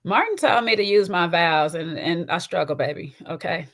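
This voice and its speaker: A woman's voice: low-pitched, expressive, takes it slowly, pauses often, fairly bright tone. A woman hosting a chatty, sassy reality TV recap, with a slight twang and a habit of tagging her lines with little asides. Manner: chatty and sassy, often tags lines with "okay?" and "child". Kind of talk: casual commentary.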